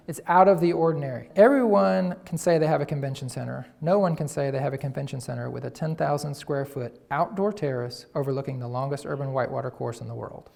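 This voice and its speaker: A man presenting a tourism marketing campaign to an audience, energetically pitching ideas and playing on words. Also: fast talker, gravelly, hardly any pauses, a little mellow. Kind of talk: presentation to local business audience.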